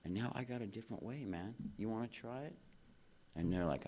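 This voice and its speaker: A man's voice: lowish voice, a little fast. Casual, slangy man at a stage mic. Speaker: convention speaker. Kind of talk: recovery speech. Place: convention stage.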